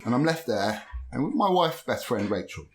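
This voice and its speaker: A man telling a story in casual podcast chat, animated and swearing, acting out what people said. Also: mid-range voice, normal speed. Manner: animated, swearing, acts out quoted voices. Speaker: podcast guest.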